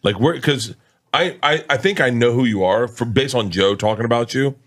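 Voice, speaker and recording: A man in a casual podcast chat, speaking in a halting, stammering way. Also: mid-range voice, a bit bright. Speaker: podcast guest.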